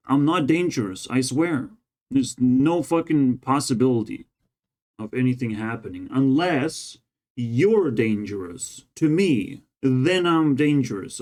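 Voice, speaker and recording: A man's voice: mid-range voice, a little mellow. Brief: man, run down, rambling vlog monologue, exasperated and profane, mid-range voice. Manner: frustrated, profane ranting. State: tired and run down. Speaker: vlogger. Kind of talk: casual rambling monologue to camera.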